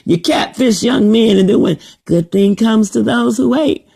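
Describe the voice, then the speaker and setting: An older woman ranting on a vlog in an animated, mocking way. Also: moderate pace, creaky, few pauses, husky. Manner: animated and mocking, with wide pitch swings. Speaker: vlogger.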